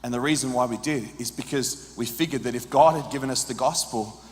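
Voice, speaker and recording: A man preaching a sermon, telling an emotional story that swings from hushed tones to shouts. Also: mid-range voice, fairly quick, long reverb tail.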